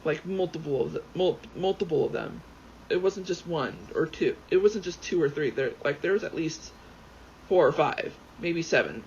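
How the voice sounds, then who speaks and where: A man rambling excitably as he plays a game, swearing freely and often going off on tangents. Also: a little high, moderate pace, gravelly. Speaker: gaming YouTuber. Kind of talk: casual commentary while playing. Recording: dull lo-fi sound with faint background noise.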